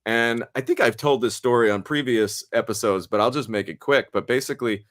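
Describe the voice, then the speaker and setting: A middle-aged man hosts in relaxed chat and tells his story with profane, animated energy. His voice sits at an ordinary pitch and sounds close and dry, with no room around it. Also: a little fast, no room sound. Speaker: podcast host and actor.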